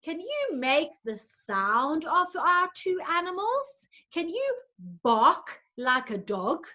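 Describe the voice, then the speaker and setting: A woman's voice: high-pitched, big pitch swings, takes it slowly, a bit bright. A woman teaching a lesson to young children in a coaxing, sing-song way, making animal sounds along the way.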